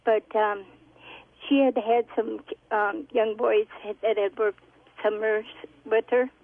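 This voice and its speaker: A woman calling in to a radio show, telling a story haltingly with many pauses and ums. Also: on the high side, steady tone, creaky. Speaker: caller. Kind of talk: phone-in story. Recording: tinny phone line.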